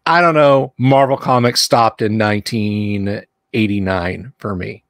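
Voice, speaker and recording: Gravelly-voiced man hosting a chat show. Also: fairly low pitch, measured pace, dry recording, studio quality. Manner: jokey, laughs often, breaks into mock voices. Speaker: podcast host. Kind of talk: casual chat.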